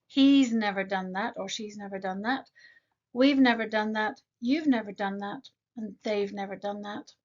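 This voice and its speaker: A woman teaching an English grammar lesson, slowly modeling example sentences and asking the learner quick questions. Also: mid-range voice, highs cut off.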